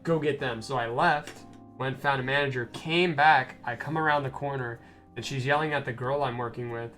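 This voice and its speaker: A young male streamer with a mid-pitched voice tells a rambling story full of restarts and casual swearing. Faint game music plays under his voice. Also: fairly even intonation, moderate pace, bright, forceful tone. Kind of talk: casual gameplay stream chat.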